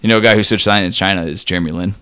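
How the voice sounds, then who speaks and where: A man talks sports in a loose, rambling way, stacking up fillers as he goes. His voice sits a little low. The sound is dry and close, with no room around it. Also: fairly even intonation, very fast, bright, forceful tone, clear, resonant tone, no echo. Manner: rambling, full of filler words. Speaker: podcast co-host. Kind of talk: casual sports banter.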